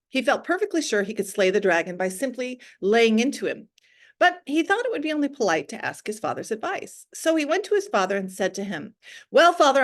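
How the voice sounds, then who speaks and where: Woman teacher reading a story aloud. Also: mid-range voice. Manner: expressive reading, casual asides.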